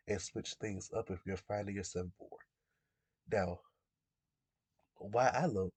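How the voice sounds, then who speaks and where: Gravelly-voiced young man feeling sick. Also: lowish voice, a little mellow, no room sound. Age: 20s. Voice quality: gravelly, husky. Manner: rambling, conversational, self-correcting. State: sick, under the weather. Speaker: gaming YouTuber. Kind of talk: casual chat.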